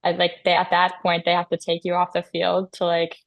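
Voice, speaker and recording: A woman's voice: on the low side, monotone, a little fast, muffled recording. A woman on a podcast, chatting casually in a rambling way, with lots of "like". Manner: rambling, fills with "like". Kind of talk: casual chat.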